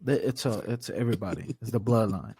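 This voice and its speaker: A man co-hosting a casual wrestling podcast, talking in an animated way, swearing freely and ranting with playful bravado. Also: on the low side, fast, breathy edge, dry recording. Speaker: podcast co-host. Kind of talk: casual wrestling reaction chat.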